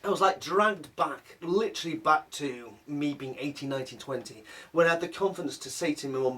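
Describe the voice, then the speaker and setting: A man's voice: a little high, fairly quick, few pauses, bright, forceful tone. A middle-aged man telling a personal story in a casual, chatty way, with asides and restarts, recorded on a distant mic. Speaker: vlogger.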